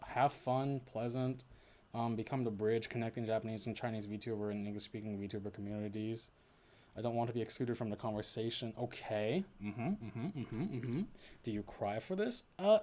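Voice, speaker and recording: A man chatting casually on his own stream, rambling and thinking out loud, often restarting his sentences. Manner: rambling, self-correcting, thinking aloud with many restarts; swings between low mumbles and bursts of high animated emphasis. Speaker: VTuber streamer. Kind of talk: casual solo stream chat.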